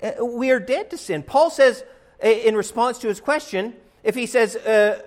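A man's voice: very high-pitched, normal speed. A man preaching a sermon as pastor in a church, in an emphatic, conversational way with rising stresses. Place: church sanctuary.

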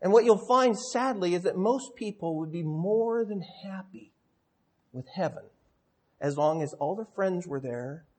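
A man preaching a sermon as pastor, explaining in a teaching tone, with loud stressed words and quiet drops. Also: high voice, animated, measured pace. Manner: explanatory teaching tone with audience asides.

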